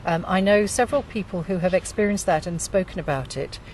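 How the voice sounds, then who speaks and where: A woman hosting a group discussion, talking with many pauses and fillers. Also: lowish voice, a little mellow, distant mic, a little hiss or hum. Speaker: group host.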